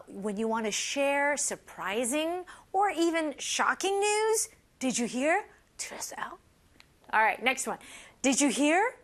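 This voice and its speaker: A woman teaching an English lesson in a lively way, mixing Korean explanations with English example lines. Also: sits high. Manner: lively, switches between Korean and English, gives model dialogue lines. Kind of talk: bilingual language lesson.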